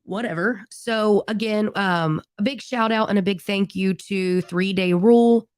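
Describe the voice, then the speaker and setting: A woman in her thirties, a band singer who co-hosts the group's podcast, chats in a friendly, rambling way. Her medium-pitched voice moves a little slowly and sounds smooth, with clean studio-quality audio and no room sound.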